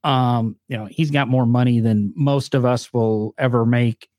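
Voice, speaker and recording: A man's voice: mid-range voice, steady tone, unhurried, a little mellow, no echo, clean studio sound. A man with a northern US accent, chatting casually about cars with rambling, filler-heavy storytelling. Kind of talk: casual chat.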